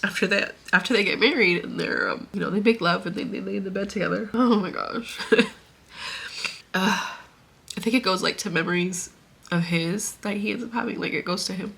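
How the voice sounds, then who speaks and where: A young woman who vlogs about books retells a story she read, getting emotional, tearful, laughing and sighing, and rambling with many fillers. Her mid-range voice runs a little fast, bright and forceful, with vocal fry and a breathy edge.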